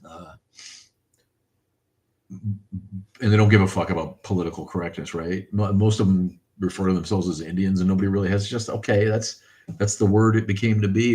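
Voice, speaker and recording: A man's voice: lowish voice, darkish tone. A middle-aged man hosting a casual livestream, thanking viewers and ranting in a profane, rambling way. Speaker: livestream host. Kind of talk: casual livestream chat reading viewer comments.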